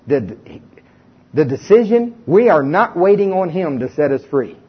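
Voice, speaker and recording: A man preaches a sermon in an animated, folksy storytelling manner with a bit of humor. His high voice swoops up and down a great deal and has a husky edge. The recording sounds muffled and lo-fi. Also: measured pace. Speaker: pastor. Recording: dull lo-fi recording.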